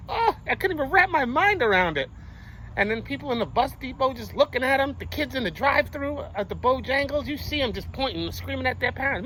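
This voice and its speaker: A young man telling a story to his viewers in casual street slang, animated and full of swearing. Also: very high voice, fairly quick, a little hiss or hum, poor audio. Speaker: vlogger.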